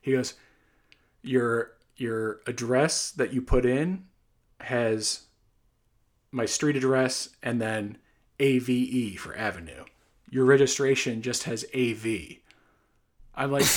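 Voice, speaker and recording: Casting note: young guy, mid-pitched, rambling storyteller, gets exasperated. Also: measured pace. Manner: rambling, exasperated anecdote with quoted dialogue. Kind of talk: casual storytelling.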